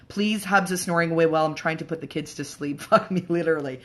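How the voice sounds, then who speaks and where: A woman's voice: low-pitched, fast talker, few pauses, fairly bright tone. A woman hosting a casual livestream chat for moms, frank and profane, rambling along with plenty of fillers. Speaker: host of a live show for moms.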